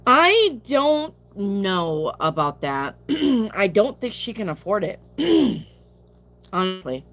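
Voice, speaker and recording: A woman's voice: mid-range voice, big pitch swings, slow pace, fairly bright tone. A woman reading tarot on a live stream, chatting casually, reading viewer questions aloud and answering them bluntly, sounding sleepy. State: sleepy, yawning.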